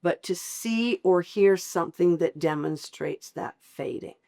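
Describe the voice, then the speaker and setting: A woman's voice: fairly low pitch, a little slow, vocal fry. A middle-aged woman, a podcast guest, telling a personal story with feeling, laughing often and acting out the dialogue. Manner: expressive, laughs often, acts out quoted dialogue.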